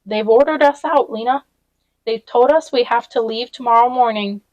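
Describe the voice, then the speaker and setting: A woman's voice: a little high, moderate pace, dry recording, natural voice, poor audio. A woman reading aloud voices a stern young man, firm and insistent.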